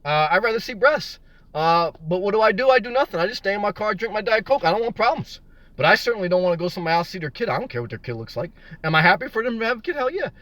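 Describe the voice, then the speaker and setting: A man's voice: sits high, animated, racing, a bit bright, dry recording. A man live-streaming from his car, reading viewer comments aloud and rambling and joking about being single. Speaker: vlogger answering live chat. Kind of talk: casual live-stream chat. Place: in his car in a parking lot.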